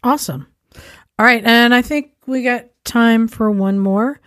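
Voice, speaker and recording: A woman co-hosting a podcast, chatting casually and chiming in quickly. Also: fairly high pitch, fairly bright tone, no room sound, clean studio sound. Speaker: podcast co-host reading listener mail. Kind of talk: casual chat.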